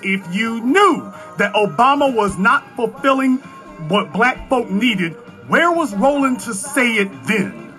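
A man's voice: sits high, pushed and bright. A man giving heated political commentary, fiery and ranting, firing off rhetorical questions.

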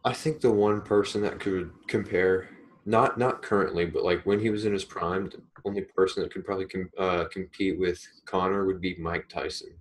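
A young man chatting casually, relaxed and rambling, with hesitant restarts. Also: low-pitched, moderate pace, slight background noise, low-quality recording. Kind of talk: casual chat.

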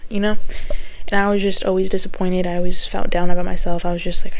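A young woman casually telling a personal story, chatty and profane, full of fillers and quick laughs. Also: lowish voice, level tone.

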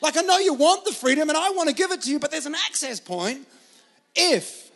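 Pastor doing god's voice, earnest and pleading, kinda high. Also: male voice, expressive, fairly quick, fairly bright tone, full character voice. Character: God, patient pleading father figure.

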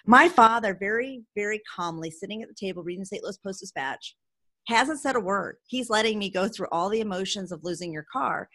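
Lively storytelling woman in her forties. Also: mid-range voice, normal speed, no room sound. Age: 40s. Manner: animated storyteller, acts out quotes with laughs. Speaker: podcast host. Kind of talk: casual storytelling in an interview.

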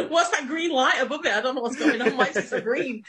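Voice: high-pitched, fast talker, over a noisy crowd. Brief: chatty co-host, loose and sweary, talking films. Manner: chatty, swears, stammers on restarts. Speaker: podcast co-host. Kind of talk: casual film-review chat.

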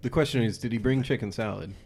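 A man playing in a tabletop game, grumbling and deadpan. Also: mid-range voice, fast talker, gravelly, slight background noise. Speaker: player. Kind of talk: in-character tabletop play.

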